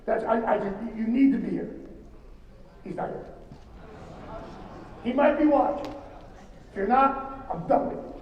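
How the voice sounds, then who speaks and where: A man giving an emphatic, rambling motivational speech to an audience, with halting restarts. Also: extremely high pitch, highs cut off. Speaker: motivational speaker at a business event. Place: large hall. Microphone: distant from the microphone. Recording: echoey hall from far off, faint noise.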